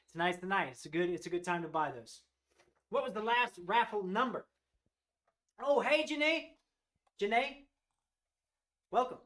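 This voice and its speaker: A man's voice: high-pitched, a bit bright. A man hosting a live reptile sales stream, gushing with enthusiasm over each animal and rambling through restarts. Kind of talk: live-stream product showcase.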